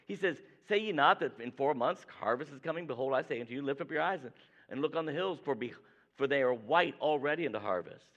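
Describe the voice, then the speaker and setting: A man's voice: medium pitch, animated, fast talker, a bit bright. A man preaching a sermon to a congregation. He reads scripture aloud, keeps asking the listeners "right?", and acts out the people he quotes. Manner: conversational, asks "right?" often, acts out quoted voices. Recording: dull lo-fi recording.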